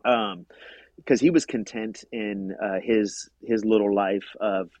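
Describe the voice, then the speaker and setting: A man's voice: on the low side, takes it slowly, a little mellow, dry recording, low-quality recording. Earnest man in a dry close recording. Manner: earnest, repeats words while building a point. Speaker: podcast co-host discussing a film. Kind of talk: casual chat.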